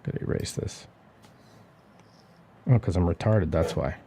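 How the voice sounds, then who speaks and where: A man's voice: deep voice, a little slow, mellow, slight background noise. A man casually talking through a digital drawing demo on a livestream, muttering and swearing to himself as he works. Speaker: artist streamer.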